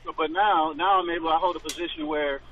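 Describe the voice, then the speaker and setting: A man's voice: on the high side, steady tone, quick pace, a crowd in the background. A man calling into a talk show, speaking earnestly about his life lessons over a phone line. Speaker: caller. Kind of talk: reflective phone-in chat.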